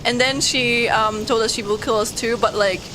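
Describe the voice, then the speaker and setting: A woman's voice: a little high, fairly even intonation, moderate pace, bright, forceful tone, slight background noise. A woman with a German accent, a VTuber host chatting casually and giggling while recapping a story game. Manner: giggly, rambling with many fillers. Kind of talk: casual game-stream chat.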